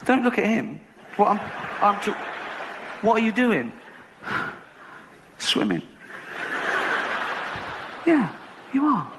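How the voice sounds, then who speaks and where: A man doing a high, squeaky scolding voice in a comedy bit. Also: big pitch swings, slow pace, pauses often, heavily acted. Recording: noisy stage recording.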